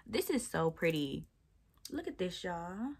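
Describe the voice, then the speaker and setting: Brief: woman in her 20s, Southern accent, low gravelly voice, chatty vlog talk. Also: very animated, measured pace. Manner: chatty, laughing, playful asides to viewers. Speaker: vlogger. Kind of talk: casual chat while taking down twists.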